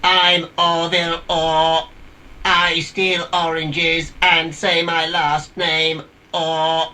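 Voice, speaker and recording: A woman voicing a male orange-stealing cartoon robber in a children's phonics video, introducing himself with a slow growl. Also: low-pitched, level tone, pushed and bright, full character voice. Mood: gruff.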